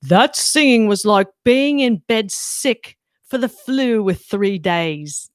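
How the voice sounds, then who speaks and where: A woman's voice: mid-range voice, expressive, slow, no room sound, clean studio sound. A woman doing a weak imitation of a harsh male British talent show judge, with a shaky put-on British accent. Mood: scornful. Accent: poor imitation of a British accent.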